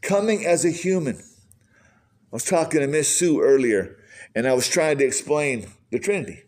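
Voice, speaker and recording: Male pastor, earnest questioning sermon delivery, voice a bit higher than usual. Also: animated, normal speed, a little mellow. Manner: earnest, questioning, emphatic preaching.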